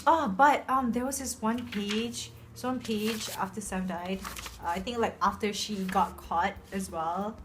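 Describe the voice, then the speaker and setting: A young woman chatting casually about books she loves, gushing and excitable, with lots of fillers. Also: medium pitch, a little slow, slight background noise. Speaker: book reviewer. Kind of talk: casual book review chat. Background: soft background music.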